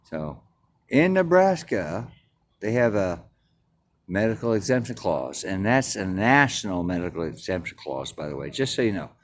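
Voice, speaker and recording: A man's voice: low voice, very animated, normal speed, a little hiss or hum. A man telling a story in a crude, defiant, boastful rant, swearing constantly. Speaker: vlogger.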